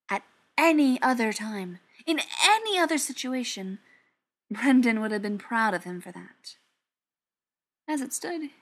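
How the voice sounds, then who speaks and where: A woman narrating a novel aloud in an expressive storytelling manner, sometimes dropping to near-whispers. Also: medium pitch. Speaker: audiobook narrator. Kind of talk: scripted narration.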